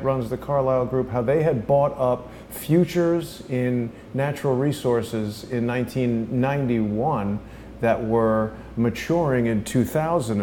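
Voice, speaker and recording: A man's voice: medium pitch, warm tone, a little hiss or hum. A man hosting a casual interview, asking leading questions in an easygoing, self-deprecating way. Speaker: show host.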